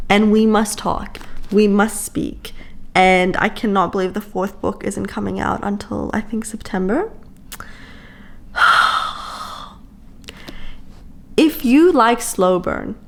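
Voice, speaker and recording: A woman's voice: medium pitch, gravelly. A woman chatting casually to camera at home as a book vlogger, gushing and stretching out words for emphasis, with sighs. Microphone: camera-mounted mic.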